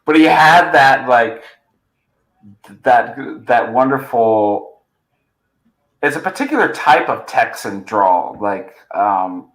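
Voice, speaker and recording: A man's voice: medium pitch, expressive, slow pace, fairly bright tone, roomy sound, poor audio. A man hosting a podcast, chatting casually with a guest and often restarting his sentences. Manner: chatty, trailing restarts and fillers. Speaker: podcast host. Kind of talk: casual chat.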